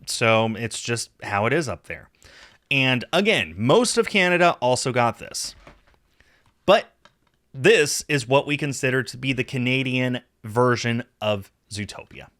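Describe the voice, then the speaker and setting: An American man hosting his own collector video, talking in a casual, rambling way with lively jumps in pitch. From United States. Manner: rambling, chatty, animated pitch swings. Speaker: video host.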